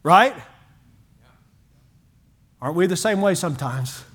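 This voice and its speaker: A man preaching a sermon as pastor, folksy and animated, swinging from loud to hushed. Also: high-pitched, slow pace.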